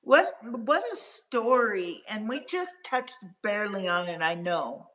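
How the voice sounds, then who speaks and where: Woman, host, unhurried, stammering a little, middle pitch. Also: animated, fairly bright tone, rough recording. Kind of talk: casual chat.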